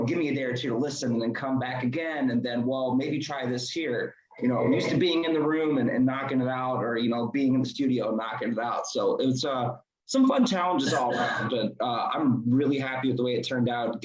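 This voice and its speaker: A male band member talking casually about making a record, relaxed and rambling. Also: medium pitch, roomy sound, poor audio. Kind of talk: casual interview talk.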